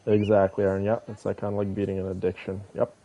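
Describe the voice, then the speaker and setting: A man streaming a game, chatting casually and rambling to his viewers in a relaxed way. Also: on the low side, fast talker. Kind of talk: casual chat with viewers while gaming.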